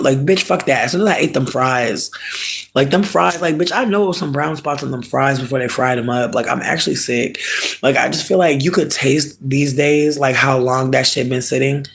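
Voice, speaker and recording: A man chatting casually with viewers, ranting in an animated, emphatic, comic way and often stretching words slowly for effect. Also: medium pitch, creaky. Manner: profane, drawn-out slow emphasis. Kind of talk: casual chat.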